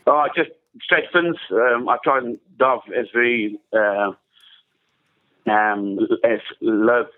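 A man guest telling stories in casual chat, halting with many restarts and fillers. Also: mid-range voice, fairly even intonation, narrow, tinny audio. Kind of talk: casual storytelling.

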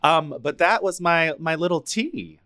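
A man's voice: a little high, measured pace, bright, forceful tone. A man co-hosting a podcast in casual chat, telling gossip as a story and acting out the lines he quotes. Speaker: podcast co-host.

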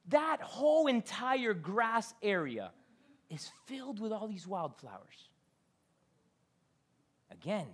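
Expressive woman preaching a sermon. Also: fairly high pitch. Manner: expressive, swings between loud scripture reading and quiet asides; conversational, asks the congregation questions. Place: church.

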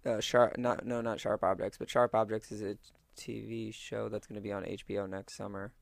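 A man's voice: fairly low pitch, little pitch movement, a little fast, creaky, no room sound, clean studio sound. A man co-hosting a casual movie-review chat, rambling with lots of "like" and self-corrections. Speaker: podcast co-host.

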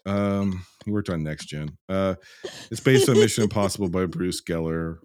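A man's voice: deep voice, normal speed, a little mellow, no room sound, studio quality. A man hosting a film review podcast in casual chat, with a profane, ranting, sardonic way of talking. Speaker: podcast host reviewing films.

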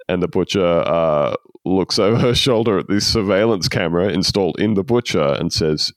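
A man's voice: sits low, normal speed, few pauses, no echo, clean studio sound. A man hosting a podcast, recounting a story in wry casual chat and laughing often. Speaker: podcast host.

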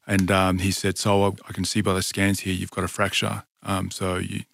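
A man's voice: low-pitched, completely flat delivery, a little fast, gravelly, a bit bright, a little hiss or hum. A middle-aged man telling his story in a casual, earnest way, with many fillers and restarts. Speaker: podcast guest, fighter.

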